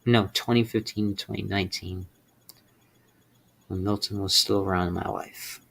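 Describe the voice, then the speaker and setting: A young man speaking in a halting, emotional personal confession, close to tears and swearing in frustration. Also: fairly low pitch, fairly even intonation, gravelly, fairly bright tone. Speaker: streamer.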